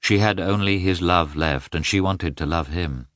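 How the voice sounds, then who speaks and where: A man narrating a classic novel as an audiobook, in an expressive, measured telling. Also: low-pitched, dry recording, studio quality.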